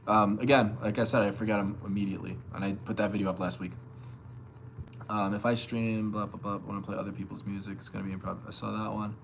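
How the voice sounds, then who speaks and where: Laid-back man chatting on a bass stream. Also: steady tone, quick pace, creaky, a little hiss or hum. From Long Island, New York. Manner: loose and profane, reads chat aloud and answers. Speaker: bass player streaming live. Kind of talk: casual live-stream chat with viewers.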